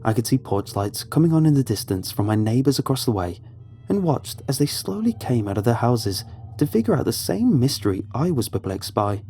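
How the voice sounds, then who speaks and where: A man narrating a horror story in a measured, suspenseful way. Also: medium pitch, big pitch swings, warm tone, a little hiss or hum. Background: faint music.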